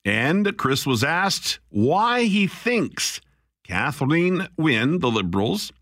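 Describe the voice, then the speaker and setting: A man hosting a talk radio show, chatty and quick to laugh as he takes calls and introduces clips. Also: fairly high pitch, big pitch swings, fairly bright tone, no echo, clean studio sound. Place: radio studio.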